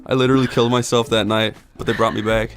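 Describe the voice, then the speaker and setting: Deadpan man telling a story. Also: lowish voice, fast, slight background noise. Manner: deadpan storyteller, acts out quoted voices. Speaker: let's play co-host. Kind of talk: casual storytelling while gaming.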